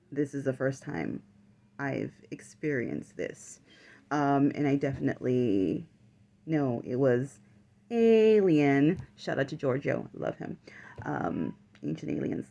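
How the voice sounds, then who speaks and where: A woman's voice: a bass voice, a little mellow. A woman vlogger telling a personal story in casual chat, full of fillers and the odd swear word.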